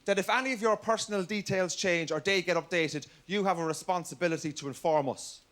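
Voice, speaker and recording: Comic plays an Irish bank call-centre man, stiff and by-the-book, slightly high-pitched. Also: brisk, fairly bright tone, a little hiss or hum. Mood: stern. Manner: formal, scripted phone politeness. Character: fussy male bank call-centre worker.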